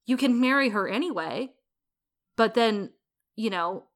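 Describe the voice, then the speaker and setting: A woman co-hosts a podcast, telling history in a chatty, storytelling way with playful asides. Her voice is fairly high, expressive, and unhurried, suiting the casual history chat.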